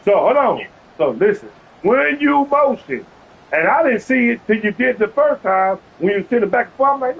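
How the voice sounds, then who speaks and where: A man argues with an opponent over a video game, and his agitation shows as he talks over the other side again and again. His voice is husky and sits high, with a lively, swooping delivery. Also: moderate pace, narrow, tinny audio. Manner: agitated, keeps repeating "hold on". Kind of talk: heated argument over voice chat.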